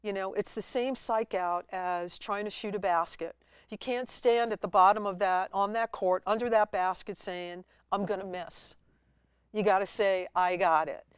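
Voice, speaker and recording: A woman guest at a college TV studio, telling her story in a lively way and acting out her own past words. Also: mid-range voice, moderate pace, clean tone, no echo. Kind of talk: storytelling interview.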